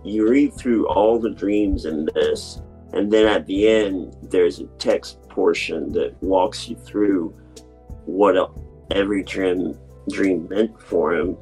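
Very deep, slow-talking man. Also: dark tone, soft background music, low-quality recording. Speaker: podcast co-host. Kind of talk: casual chat.

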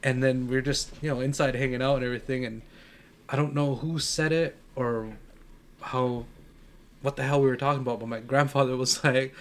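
A man's voice: mid-range voice, level tone, fairly quick. A man co-hosting a casual podcast with a North Country New York accent, telling stories in a loose, profane way with frequent laughter. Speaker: podcast co-host. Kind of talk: casual storytelling chat.

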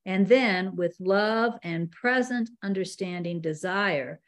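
Woman, spiritual teacher, casual talk, easygoing and conversational, slows to read. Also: mid-range voice. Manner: conversational, laughs easily, slows to read passages.

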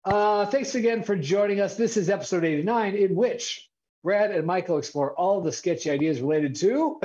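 Animated man hosting a podcast. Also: high-pitched, dull audio. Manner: upbeat, animated, playful delivery. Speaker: podcast co-host. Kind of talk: casual podcast chat.

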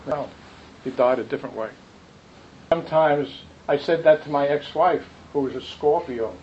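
A man with a slightly high voice gives a rambling spiritual talk, full of stories and asides. The recording is muffled and lo-fi. A faint hiss runs underneath. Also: normal speed. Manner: rambling, animated storytelling with asides. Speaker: spiritual teacher. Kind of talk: dharma talk with questions.

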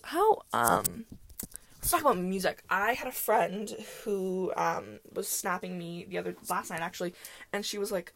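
A woman's voice: mid-range voice, moderate pace, sharp tone. Chatty young woman telling a rambling story. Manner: rambling, chatty, lots of fillers. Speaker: podcast host. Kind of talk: casual storytelling monologue.

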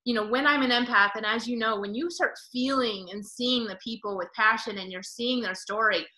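A woman's voice: a little high, a little fast, pushed and bright, echoey room. A woman hosting a podcast interview over a video call, gushing and emotional, rambling with many restarts. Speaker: podcast host.

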